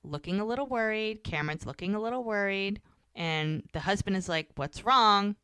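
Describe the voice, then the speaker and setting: A woman's voice: medium pitch, smooth, dry recording, clean studio sound. A woman co-hosting a podcast, casually retelling a TV episode scene by scene and quoting the characters. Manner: animated retelling, quoting characters with quick voice shifts. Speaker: podcast co-host recapping episodes. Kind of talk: casual recap chat.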